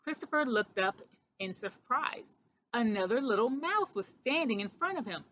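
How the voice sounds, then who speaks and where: A woman reading a storybook aloud to children, expressive, with small slips. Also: on the high side, moderate pace, slight background noise. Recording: dull lo-fi recording.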